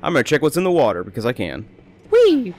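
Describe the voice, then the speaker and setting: A man's voice: medium pitch, very animated, very fast. A young man rambling chattily through casual gameplay commentary as a let's play host. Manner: rambling, chatty, self-amused.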